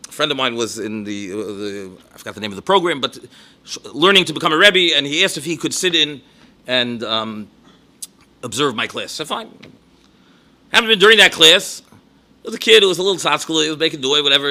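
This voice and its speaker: A man's voice: on the high side, pushed and bright. A man, a rabbi and educator, giving a talk full of anecdotes and sprinkled with Yiddish and Hebrew words. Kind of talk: lecture with anecdotes.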